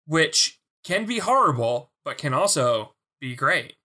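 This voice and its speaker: A man co-hosting a casual podcast chat, animated as he retells jokes from a show and swears for emphasis. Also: a little high, a little slow. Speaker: podcast co-host.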